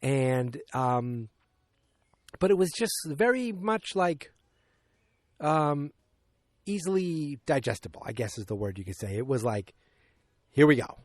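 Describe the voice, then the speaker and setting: Man, podcast host, casual movie recap, rambling, lots of fillers, middle pitch, dry close recording. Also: very animated, a little slow, long pauses, darkish tone, no echo. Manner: rambling, with many fillers and acted-out quotes.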